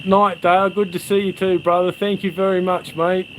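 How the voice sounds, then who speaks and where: A man's voice: sits high, little pitch movement, moderate pace, a little hiss or hum, low-quality recording. Laid-back Australian man, crickets behind. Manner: rambling, laid-back storyteller, matey. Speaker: livestream host. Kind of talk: casual chat with live viewers. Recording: crickets and insects chirping behind.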